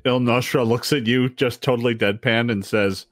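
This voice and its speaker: A man running a tabletop game as game master, with halting, amused narration. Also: mid-range voice, fairly even intonation, no room sound, studio quality.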